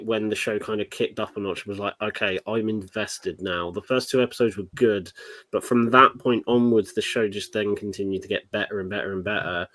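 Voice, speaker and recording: A man's voice: lowish voice, fairly bright tone, no echo. A British man, a guest in a casual show discussion, talking hesitantly with many ums. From Britain. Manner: hesitant, full of ums and likes.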